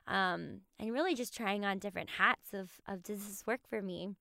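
A woman podcast host giving a heartfelt, emotional farewell to her listeners, halting with many restarts. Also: medium pitch, vocal fry, sharp tone, no echo, clean studio sound.

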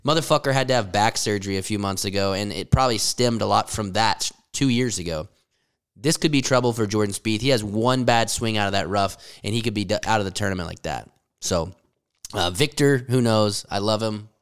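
A man co-hosting a podcast in casual chat, profane and quick to laugh. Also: lowish voice, smooth. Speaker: podcast co-host.

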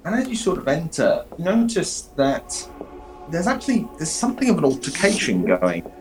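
Rambling game master. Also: male voice, a little high, wildly swooping pitch, moderate pace, over music, low-quality recording. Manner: rambling, many fillers and restarts. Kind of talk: narrating a tabletop game.

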